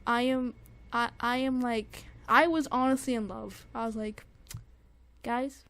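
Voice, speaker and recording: A young woman giving an excited, casual music review, gushing and repeating herself with lots of fillers and restarts. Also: fairly high pitch, a little slow.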